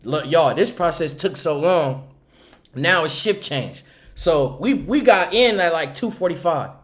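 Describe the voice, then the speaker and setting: A man who runs a small trucking company, telling a story on a casual livestream, animated, laughing often and acting out the people he talks about. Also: fairly high pitch, unhurried. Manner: animated, acts out the people in his stories.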